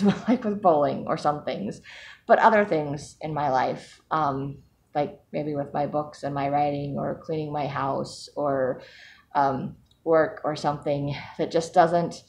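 Woman, low voice, chatty vlog talk, self-mocking, laughs a lot, faint rumble behind. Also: darkish tone. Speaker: vlogger. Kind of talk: casual personal talk to camera.

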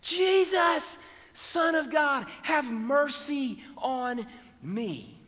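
A man's voice: very high-pitched, animated, very slow, long reverb tail, voice pushed up, full character voice. A man preaching a sermon, voicing a desperate blind beggar man crying out for mercy. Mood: pleading shout. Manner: shouting, pleading.

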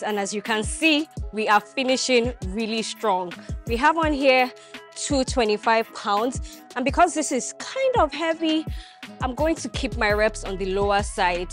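A young woman with a high-ish voice vlogs her gym workout, energetically coaching viewers while demonstrating the exercises. The instructional recording has no room sound.

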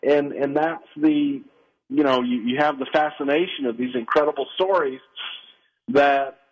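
A man's voice: on the high side, normal speed. Man telling stories down a muffled phone line. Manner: animated storyteller, acts out quoted voices. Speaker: podcast host guest. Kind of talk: phone interview storytelling. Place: outdoors in the cold.

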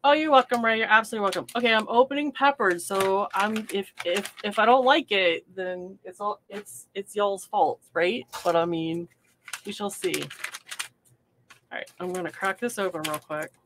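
A woman's voice: mid-range voice, normal speed, background noise. A woman hosting a casual livestream from her hobby room, chatty and self-deprecating, laughing often. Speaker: livestream host. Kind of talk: casual livestream chat while crafting.

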